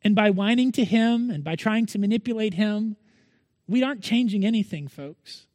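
A man's voice: sits high, moderate pace, darkish tone, no echo, big-room sound. A male pastor preaching a Sunday sermon in an earnest manner, pressing his listeners with repeated rhetorical questions.

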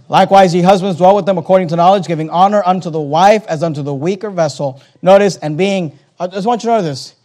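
A high-pitched man preaching to his congregation. He is emphatic and conversational, repeating key phrases for weight and speaking straight to the listeners in the pews. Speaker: pastor. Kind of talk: sermon.

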